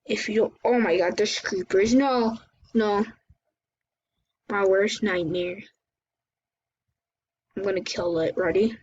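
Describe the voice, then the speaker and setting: A woman hosting her gaming channel, chatting excitably through live gameplay commentary, often exclaiming and apologizing. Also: medium pitch, slow pace, pauses often, breathy edge. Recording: dull lo-fi recording with faint hiss.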